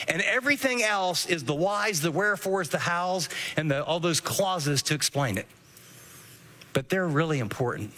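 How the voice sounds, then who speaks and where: A man delivers an earnest sermon, teaching from scripture and telling listeners what to underline. His voice sits high and bright. A long reverb trails behind him, as in a large hall. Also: unhurried. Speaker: pastor.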